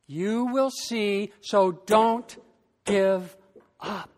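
Pastor giving a sermon, slow and emphatic, mid-pitched voice, lots of reverb. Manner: slow, emphatic preaching with long pauses.

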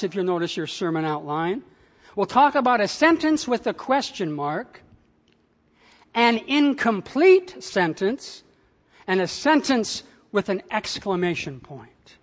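Pastor delivering a sermon, slow, weighty, emphatic phrasing, long church echo. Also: animated. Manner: slow, emphatic delivery with wide swings in pitch and loudness.

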